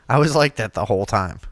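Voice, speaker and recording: Male co-host, animated pitch, joking, dry close sound. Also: no room sound. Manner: laughing, crude banter. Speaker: talk show co-host. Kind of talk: casual joking chat.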